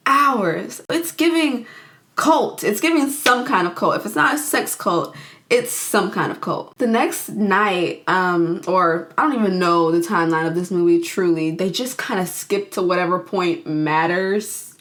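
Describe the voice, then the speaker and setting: A woman's voice: on the low side, unhurried. Chatty young woman recapping a movie. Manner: chatty, expressive, jokey. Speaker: youtuber.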